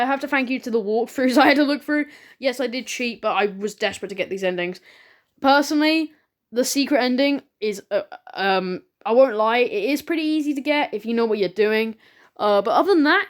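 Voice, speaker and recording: Chatty woman reading a game aloud. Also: a little high. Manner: casual, excitable, reads dialogue with feeling. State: sore throat. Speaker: let's play host.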